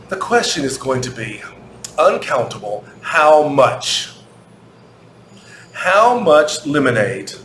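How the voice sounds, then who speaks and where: Slow, patient American man teaching. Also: fairly high pitch, fairly bright tone. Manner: slow, repetitive, spells words out letter by letter. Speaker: English teacher. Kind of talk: recorded English grammar lesson for children. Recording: echoey room, faint background hum.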